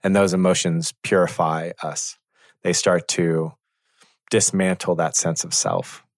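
A man teaching in a reflective conversation, measured and thoughtful, pausing to find his words. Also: low-pitched, flat delivery, dry recording, clean studio sound.

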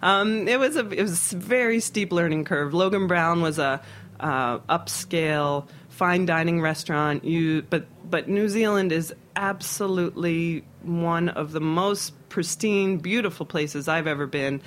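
A middle-aged man from Philadelphia talks about his cooking career in a loose interview chat. He stops and restarts often, padding his sentences with fillers, and his voice sits a bit high. Faint noise hums under the recording. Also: a bit bright. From Philadelphia, USA. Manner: halting, with many fillers and restarts. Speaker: restaurant owner and chef, guest. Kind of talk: casual interview conversation.

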